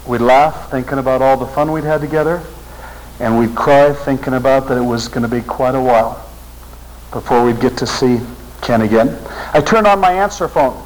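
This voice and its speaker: A middle-aged seminary teacher and speaker tells a personal story to a religious audience, earnest in style, his voice rising with emotion. He has a medium-pitched voice at a moderate pace, and the audio is poor.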